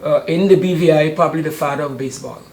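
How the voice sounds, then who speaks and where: A man's voice: fairly high pitch, quick pace, a little mellow. An older man, chatting in an interview about the youth sports camp he runs, with many hesitant ums. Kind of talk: casual interview. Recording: roomy studio sound.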